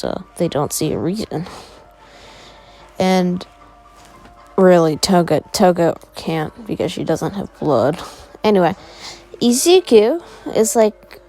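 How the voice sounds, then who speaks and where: A woman tells a fan story in a casual, rambling way, full of fillers. She speaks slowly with a mellow tone. Faint music plays beneath her voice. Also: lowish voice. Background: faint background music.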